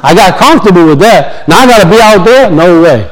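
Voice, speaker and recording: A man's voice: sits high, expressive, quick pace, rough recording. A man, preaching a sermon in a folksy storytelling way and acting out the voices in his stories. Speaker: pastor.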